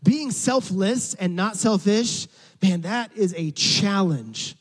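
High-voiced pastor in an echoing hall. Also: male voice, lively intonation, slow. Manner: emphatic, conversational, direct to the congregation. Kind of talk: sermon. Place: church.

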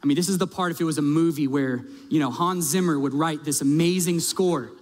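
Guy preaching a sermon, pretty high voice, chatty but emphatic, asks the crowd stuff, long hall reverb. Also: fairly quick. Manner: conversational, emphatic preaching with direct questions to the audience. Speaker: pastor.

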